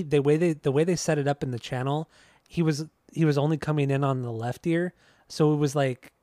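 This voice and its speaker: A man's voice: on the high side, a little mellow, no room sound, clean studio sound. A man co-hosting a podcast in casual chat, rambling and swearing easily as he talks about music. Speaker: podcast co-host.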